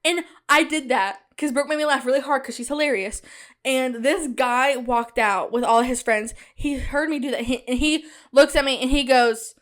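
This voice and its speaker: High-voiced, chatty young woman. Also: normal speed. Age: young adult. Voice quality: loud cackling laugh. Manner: chatty, animated, talks straight to listeners. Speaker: podcast host. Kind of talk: casual solo podcast chat.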